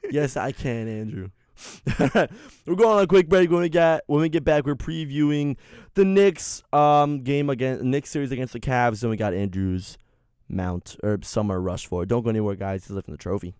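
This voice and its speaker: A man's voice: mid-range voice, normal speed, a little mellow, smooth, no echo. Young male co-host, casual and jokey, mid-range voice, dry close studio mic. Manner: joking, laughs often, plays with silly accents. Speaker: co-host of a college radio sports show. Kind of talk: casual sports radio chat.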